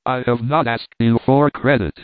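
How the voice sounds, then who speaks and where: A man's voice: mid-range voice, fairly even intonation, normal speed, no room sound, lightly acted. Guy doing a blunt, bossy army captain, storybook reading, tinny dry audio. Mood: impatient. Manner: curt, commanding. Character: brusque impatient male army captain. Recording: dry tinny phone-like sound.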